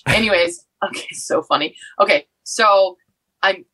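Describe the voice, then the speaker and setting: Bright-voiced outspoken woman in her thirties. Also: measured pace, poor audio. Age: 30s. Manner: animated, laughing, acts out quotes in high voice. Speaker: podcast guest, football fan. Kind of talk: casual storytelling chat.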